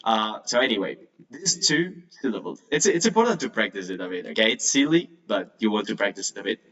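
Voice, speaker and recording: Guy teaching english, gravelly voice, kinda far from the mic. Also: on the low side, sing-song, fast talker, fairly bright tone. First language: Spanish. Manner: chatty, filler-heavy, laughs nervously. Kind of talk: casual online lesson. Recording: distant mic, degraded audio.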